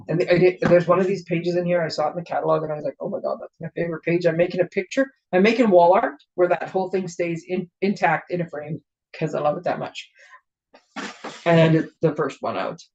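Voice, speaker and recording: A woman's voice: fairly low pitch, darkish tone, slight background noise. A woman demonstrating papercraft products in a casual show-and-tell, chatty and gushing, with rambling asides. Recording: dull lo-fi recording.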